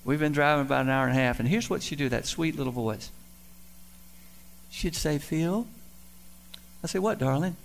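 Gravelly-voiced man preaching with folksy stories. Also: mid-range voice, fairly quick, pauses often. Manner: folksy, self-deprecating, emphatic swings in loudness. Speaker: pastor. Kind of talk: sermon with storytelling.

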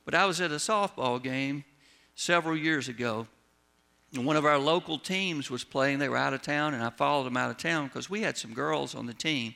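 A man's voice: mid-range voice, normal speed, vocal fry, bright, forceful tone. A man preaching a sermon as a pastor, telling folksy stories and letting his voice drop at the ends of lines.

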